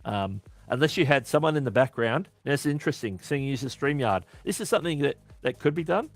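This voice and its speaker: A man's voice: medium pitch, lively intonation, quick pace, faint music behind. An Australian man hosting a casual live-stream Q&A, chatty and often correcting himself mid-sentence. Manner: chatty, self-correcting, answering chat questions. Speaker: livestream host.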